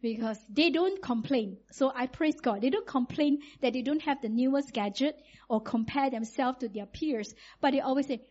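A middle-aged woman, preaching in a lively, conversational way and acting out quotes. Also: high-pitched, measured pace, pauses often, dull audio. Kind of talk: sermon.

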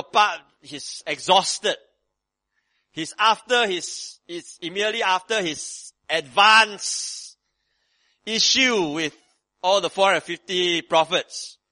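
Middle-aged male preacher with a high, very expressive pitch. Dramatic and conversational. Slips in asides to the congregation. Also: dry recording. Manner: animated and dramatic, swinging from loud emphasis to hushed; conversational asides with frequent "you know" and "right". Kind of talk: sermon expounding a Bible passage.

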